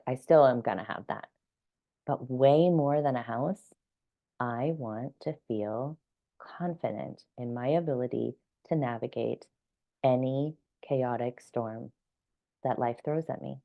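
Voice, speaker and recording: A woman with a notably low voice talks straight to camera in a relaxed personal vlog. She muses and reflects, working her thoughts out aloud, and often breaks into a laugh. The sound is a little muffled and lo-fi. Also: vocal fry. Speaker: vlogger. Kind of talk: casual personal vlog monologue.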